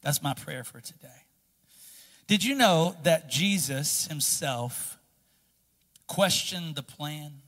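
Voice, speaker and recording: A man preaching a sermon in a big church hall, his bright, forceful voice ringing out with a long tail of reverb. His pitch sits a little high for a man. He leans in close and confiding, then climbs into loud, impassioned preaching. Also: animated, slow pace, long pauses. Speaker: pastor. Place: church sanctuary.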